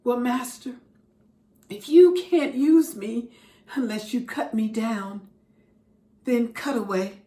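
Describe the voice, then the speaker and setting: A woman's voice: fairly high pitch, takes it slowly, pauses often, dark tone, echoey room. A woman voicing a tall male bamboo plant, devoted but fearful, who stammers and pleads in a storybook tale. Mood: resigned.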